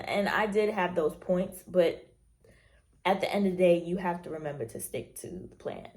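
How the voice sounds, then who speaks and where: Young female nursing-student vlogger, somewhat low voice, candid chatty storyteller. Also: steady tone, normal speed. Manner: candid, chatty, acts out quotes. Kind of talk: casual chat to camera.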